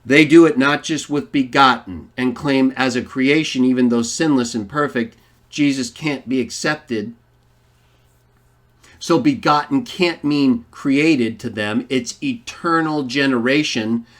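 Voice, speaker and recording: Slow, emphatic man teaching scripture. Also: mid-range voice. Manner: emphatic, argumentative, rhetorical questions. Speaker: online Bible teacher. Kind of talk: polemical Bible teaching.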